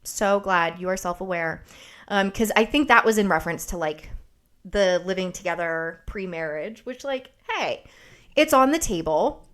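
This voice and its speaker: A woman podcast host telling a story in casual chat, animated, sarcastic and freely profane. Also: fairly low pitch, moderate pace.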